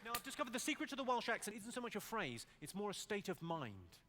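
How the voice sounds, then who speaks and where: A man doing a deadpan stand-up comedy routine on stage. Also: sits high, fast talker, very noisy. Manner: deadpan joke delivery. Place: theatre stage. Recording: live show in a large hall, loud audience.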